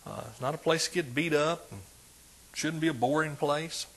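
A man preaching a sermon, folksy and animated, dropping soft and then rising loud. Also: fairly high pitch, normal speed, a little hiss or hum.

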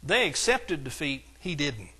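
High bright preacher. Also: male voice, very animated, measured pace, slightly rough. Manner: emphatic preaching, swings from soft to hollering. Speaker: pastor. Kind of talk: sermon.

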